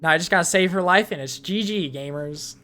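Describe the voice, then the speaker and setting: A woman's voice: on the low side, fairly quick, a bit bright. A young woman streamer chatting casually and reading fanfiction aloud, swearing, giggling and rambling with many fillers. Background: faint music.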